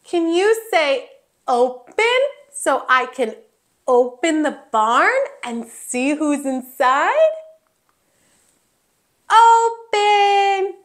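A woman's voice: high voice, sing-song, slow pace, fairly bright tone. A woman teaching toddlers first words in a playful, exaggerated sing-song voice, with gasps and animal sounds.

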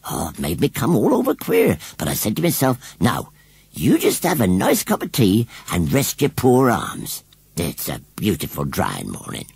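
A man's voice: mid-range voice, creaky, a little mellow, breathy edge, no room sound, pitched above the performer's own voice, exaggerated voice. A man voicing a fretful old village washerwoman who laments in a rustic dialect, in a storybook reading.

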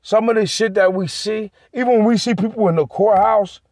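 A man's voice: high voice, fairly even intonation, brisk, a little mellow, dry recording, clean studio sound. A man vlogging in a heated, profane rant aimed straight at his viewers. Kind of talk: ranting monologue to camera.

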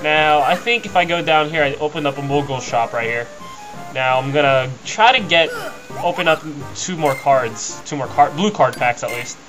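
A man's voice: a little high, lively intonation, normal speed, rough recording. Young man rambling over game music. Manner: rambling, easygoing, chatty. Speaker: let's play host. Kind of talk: casual gameplay commentary. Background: video game music.

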